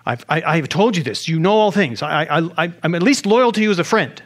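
A man's voice: on the high side, a little fast, natural voice. A man acting out Peter as a flustered, loyal grown man who stammers as he protests.

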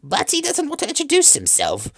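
A man's voice: very high-pitched, huge pitch swings, a little fast, creaky, fairly bright tone, no room sound, clean studio sound, pitched above the performer's own voice, heavily acted. A man voicing a sleepy, absent-minded male quail teacher in a game playthrough. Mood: drowsy.

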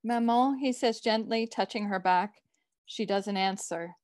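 A woman author reads her own short fiction in a measured, even way. The sound is dry and close, with no room echo. Her voice sits at a middle pitch for a woman. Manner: measured literary reading.

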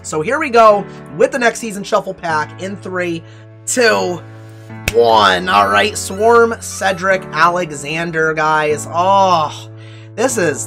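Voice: medium pitch, slow pace, vocal fry, pushed and bright, faint music behind. A mobile game YouTuber opening card packs, counting down before each one and playfully overdramatic about bad luck. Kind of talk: casual game pack-opening commentary.

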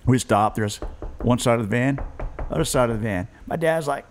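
A man's voice: mid-range voice, normal speed, slight background noise. A middle-aged man, a guest musician, telling road stories in a rambling, self-deprecating way. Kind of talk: casual storytelling chat.

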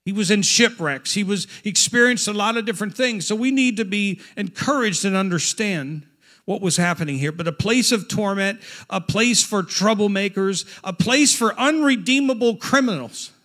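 Man, pastor, sermon, high-pitched, bright ringing tone, fervent preaching. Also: moderate pace. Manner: preaching with scripture reading, rising to shouts. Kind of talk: Pentecostal sermon.

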